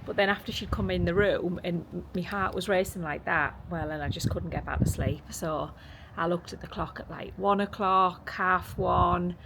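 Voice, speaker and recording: A woman's voice: lowish voice, moderate pace, vocal fry, background noise. A woman with an English accent chatting casually to camera in a vlog, rambling and self-deprecating. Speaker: vlogger. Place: in a car for some parts.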